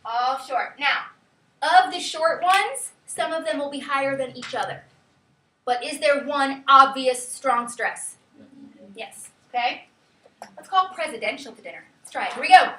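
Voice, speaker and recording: A woman teaching a class, leading students with lively, sing-song calls. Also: sits high, unhurried, a little hiss or hum. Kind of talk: classroom lesson. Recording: echoey classroom from far off.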